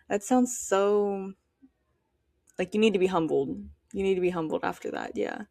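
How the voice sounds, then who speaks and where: A woman's voice: mid-range voice, moderate pace, vocal fry, a little mellow, no echo, clean studio sound. A teenage girl hosting a solo podcast, chatting casually and giving her opinions while she thinks aloud with lots of fillers. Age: teens. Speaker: podcast host.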